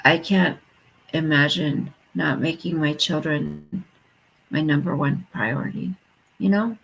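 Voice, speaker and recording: A woman's voice: low-pitched, slow pace, creaky, fairly bright tone, slight background noise, poor audio. A woman hosting a live stream, chatting casually with viewers and reading their comments aloud. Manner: reads viewer comments aloud and chats back.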